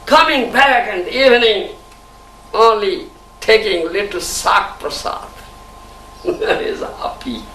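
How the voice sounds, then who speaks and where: A man's voice: high voice, lively intonation, takes it slowly, pushed and bright. A man gives a devotional lecture, often chuckling and asking "you understand?". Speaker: spiritual teacher. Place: temple hall. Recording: echoey hall, distant mic, faint hiss.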